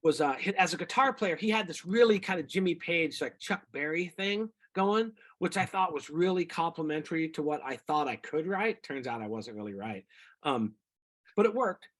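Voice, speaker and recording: A middle-aged singer-songwriter telling rambling, animated stories about his music career in a casual interview. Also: on the high side, normal speed. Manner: rambling, animated anecdotes with quoted voices.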